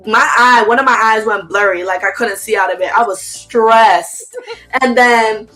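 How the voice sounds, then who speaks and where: Her voice is a little high, and the audio is poor, with soft music playing behind her. This young interview guest tells a story quickly and casually, full of slang, animatedly acting out what people said.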